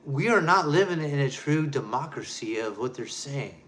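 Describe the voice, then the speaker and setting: A man's voice: medium pitch, animated, normal speed, a bit bright. Man ranting emphatically, repeating himself. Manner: emphatic, repetitive, keeps addressing listeners directly. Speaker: show host. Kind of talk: ranting monologue.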